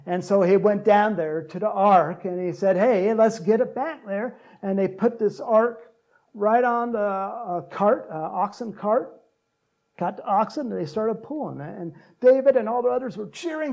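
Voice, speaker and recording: A man preaching a sermon, joking with the congregation and breaking into loud shouts to act out cheering crowds. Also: high-pitched, moderate pace, vocal fry. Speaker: pastor.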